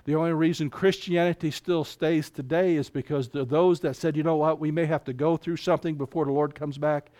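A man preaching a fervent sermon, reading scripture aloud and speaking in quick bursts. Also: on the high side, fairly even intonation, warm tone. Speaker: pastor.

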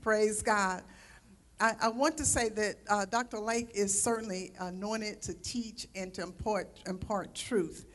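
A woman's voice: mid-range voice, steady tone, measured pace, fairly bright tone. A woman giving a fervent testimonial introduction in a church, with frequent amens, before welcoming the guest preacher. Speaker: church minister introducing the speaker. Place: church sanctuary.

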